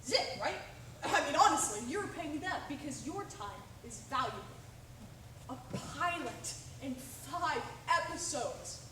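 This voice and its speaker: A woman on stage playing a pushy, fast-talking male Hollywood agent with brash, wheedling sales patter. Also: high-pitched, lively intonation, bright, forceful tone, heavily acted. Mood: smooth-talking. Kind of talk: amateur stage play. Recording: distant echoey stage recording with hiss.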